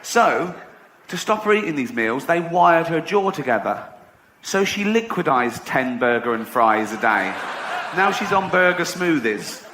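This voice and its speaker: A man's voice: on the high side, sing-song, a little slow, pushed and bright, a little hiss or hum. An English man doing stand-up comedy, sardonic and profane, laughing at his own jokes.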